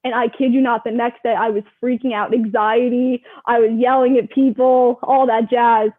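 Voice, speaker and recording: A young woman in her twenties, a guest telling stories in a casual interview, animated and quick, full of "like", heard over a remote call. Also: a little high. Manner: animated, rapid storyteller, full of "like". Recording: tinny phone-like call audio.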